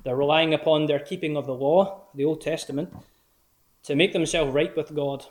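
An earnest man preaching a sermon at a measured pace. His voice sits a little higher than most men's, and he slows down for quoted verses. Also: fairly even intonation.

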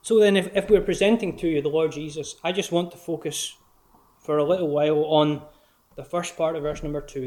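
An earnest man preaching a sermon at a measured pace. His voice sits a little higher than most men's, and he slows down for quoted verses. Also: a little mellow.

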